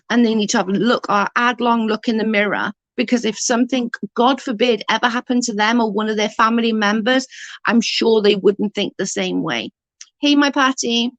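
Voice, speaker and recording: A woman's voice: a little high, fairly bright tone, no room sound. A woman ranting in outrage on a live stream, answering chat as she goes.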